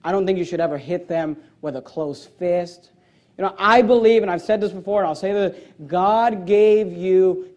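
A male pastor with a high-pitched voice delivers a forceful sermon. He reads scripture aloud with emphasis, and his voice leaps even higher when he cracks a joke. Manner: joking asides, voice jumping high on punch lines.

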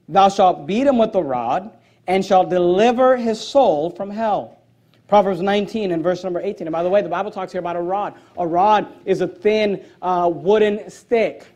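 A man preaching a sermon as pastor, emphatic as he reads out scripture and throws in joking asides. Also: a little mellow. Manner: joking asides, voice jumping high on punch lines.

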